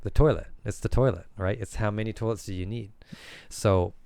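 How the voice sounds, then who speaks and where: A man's voice: fairly low pitch, fairly quick, vocal fry, warm tone. A Nova Scotian man, a guest developer, talking bluntly with crude humor and rhetorical questions. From Canada. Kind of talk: casual chat.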